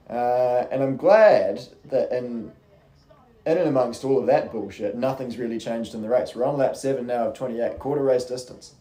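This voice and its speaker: A man's voice: mid-range voice, dark tone, roomy sound. A young man giving casual, rambling race commentary on a live stream, chatty and swearing freely.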